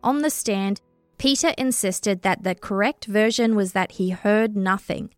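A woman narrating a true crime story in a measured, scripted storytelling delivery. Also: mid-range voice, no echo, faint music behind.

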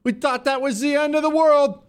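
A man putting on a falsetto as a weepy young woman to mock her, with overwrought sobbing. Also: flat delivery, normal speed. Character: shrill weepy young woman, mocking parody.

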